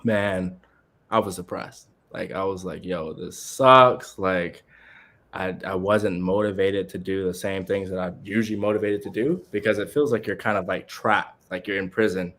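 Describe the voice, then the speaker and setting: Brief: deep-voiced male guest, sincere and thoughtful in tone. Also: fairly even intonation, normal speed. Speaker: guest, traveler. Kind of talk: casual interview answer.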